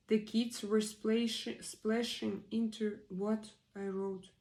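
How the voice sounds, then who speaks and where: A woman in her forties chats on a live stream in non-native English, going over vocabulary. She speaks slowly and haltingly at a middle pitch, repeating words and filling pauses as she thinks. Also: little pitch movement, darkish tone, low-quality recording. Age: 40s. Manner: slow and hesitant, repeating words aloud, many fillers. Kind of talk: casual live-stream chat, practicing vocabulary.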